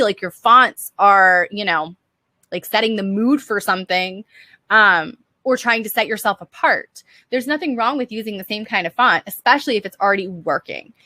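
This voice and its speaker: A woman's voice: fairly high pitch, sharp tone, dry recording. A young woman teaching design on a casual live stream, chatty and upbeat, answering viewer questions with lots of "um" and "like".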